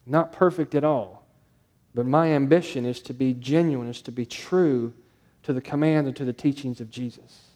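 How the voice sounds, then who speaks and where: A man's voice: medium pitch, fairly even intonation, normal speed, a little mellow. A male pastor preaching a sermon, stressing points through repetition and rhetorical questions.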